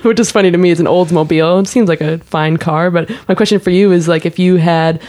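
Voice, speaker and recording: A woman co-hosting a casual movie chat, relaxed, laughing often and using lots of filler words. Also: fairly low pitch, fast. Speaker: podcast co-host.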